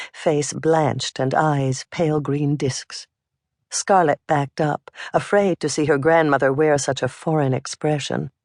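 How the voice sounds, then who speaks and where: An audiobook narrator reads in a slow, measured, unhurried way. The sound is dry and close, with the voice sitting at a middle pitch. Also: creaky, a little mellow, no echo.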